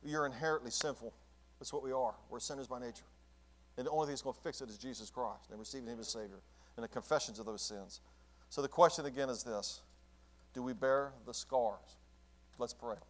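A man's voice: mid-range voice, fairly quick. A male pastor preaching a sermon, quoting old scripture and repeating phrases fervently.

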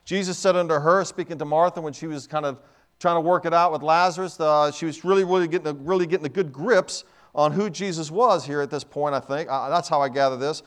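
A middle-aged man preaching a sermon, swinging from quiet asides to loud bursts, with frequent restarts. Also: on the high side, quick pace. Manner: dynamic, swings from soft to loud, many restarts.

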